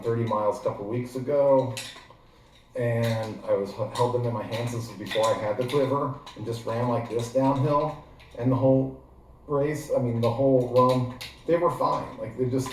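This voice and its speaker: A gear how-to vlogger with an Ohio Midwestern American accent gives a chatty, digressive demonstration packed with fillers. His mid-range voice is a little mellow, and he sits far from the mic in a very echoey room with slight background noise.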